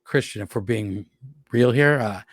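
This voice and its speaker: A podcast guest from Rochester, New York, spins long, profane stories in a casual way, acting out the voices of the people he quotes. His mid-range voice is unhurried, and the recording is clean studio sound with no room noise.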